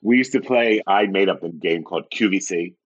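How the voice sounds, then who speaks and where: A man, a comedian guest, telling expressive stories in casual chat. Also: fairly quick, slightly rough, highs cut off. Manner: expressive storyteller, swings pitch widely. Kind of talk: animated anecdotal chat.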